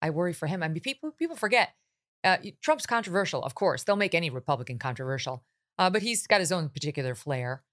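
A woman's voice: lowish voice, very animated, quick pace, fairly bright tone. A woman hosting an interview, leading into her guest's story with conversational questions and small restarts. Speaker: interview host.

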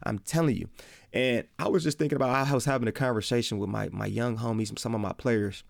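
A man with a Midwestern accent hosting a casual faith podcast, talking excitably in slang and repeating his phrases. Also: mid-range voice, fast, vocal fry, no echo, clean studio sound. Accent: Midwestern American. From American Midwest. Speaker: podcast host.

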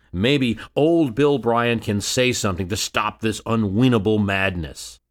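A man narrating a history story in a dramatic scripted style, with rhetorical questions and shifting emphasis. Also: on the low side.

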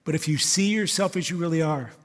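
A man's voice: a little high, fast talker, in a large hall. Man preaching an emphatic, conversational sermon. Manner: emphatic, conversational preaching with repeated rhetorical questions. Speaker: pastor. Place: church service.

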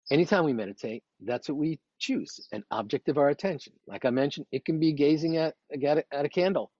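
Man, meditation teacher, calm and unhurried, guiding a breathing exercise, husky voice, dull lo-fi podcast sound. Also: medium pitch, dry recording. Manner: calm, unhurried, talks listeners through slow breathing. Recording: dull, slightly lo-fi podcast audio.

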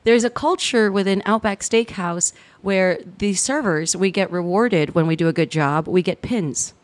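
A woman from South Texas chats as a podcast guest. She tells her stories with animation and breaks into laughs often. Her pitch sits in an ordinary middle range for a woman. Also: moderate pace. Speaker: guest comedian. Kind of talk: casual podcast chat.

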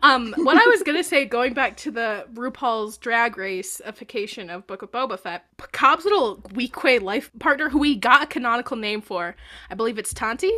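A woman co-hosting a casual podcast chat, giggly and quick to correct herself. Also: fairly high pitch, expressive, sharp tone. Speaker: podcast co-host.

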